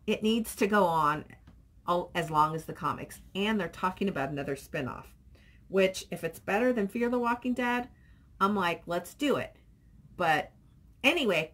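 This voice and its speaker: A woman's voice: mid-range voice, fairly bright tone. A middle-aged woman vlogging casually, rambling and reading viewer comments aloud. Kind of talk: casual chat.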